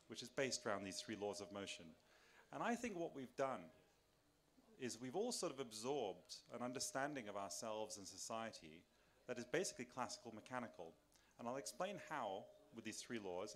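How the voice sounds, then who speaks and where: Man giving a conversational live lecture. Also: medium pitch. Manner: conversational, thinking aloud with restarts and rhetorical questions; moves around while speaking. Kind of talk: public lecture to a live audience. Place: large tent at a summer camp. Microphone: filmed by a camera.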